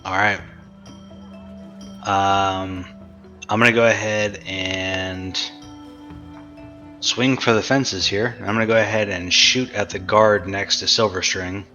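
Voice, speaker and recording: A man with a lowish voice plays in a tabletop game. He states his character's moves calmly and deliberately, one step at a time. Faint music runs behind him. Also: lo-fi sound. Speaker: player.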